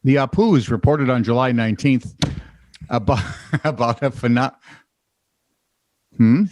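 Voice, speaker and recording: A man's voice: medium pitch, measured pace, darkish tone, no room sound. An American man co-hosting a comedic news podcast, joking and laughing as he chats. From United States. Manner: joking, teasing, laughs often. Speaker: podcast co-host. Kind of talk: casual comedic news chat.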